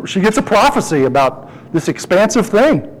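A middle-aged man preaching a sermon and telling a personal story, lively and animated, his voice jumping high as he quotes himself. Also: slow pace, a little hiss or hum, poor audio. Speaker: pastor.

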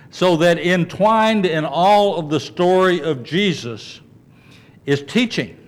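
A man delivers a sermon with a slightly higher voice than most men. He keeps it conversational, with quick asides to the congregation. When he quotes scripture, he sinks low and soft. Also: expressive. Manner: conversational preaching, asides like "okay" and "don't sweat it". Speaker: pastor.

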